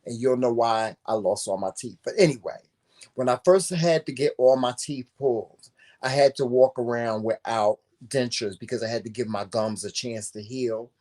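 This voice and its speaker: A man co-hosting a casual talk show, telling a personal story in an animated, profane and emphatic way. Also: mid-range voice, moderate pace.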